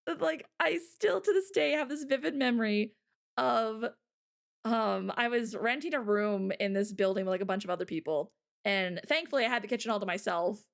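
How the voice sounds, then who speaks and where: A young woman hosting a casual live stream, chatty and animated, often repeating herself. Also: a little high, moderate pace, vocal fry. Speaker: stream co-host.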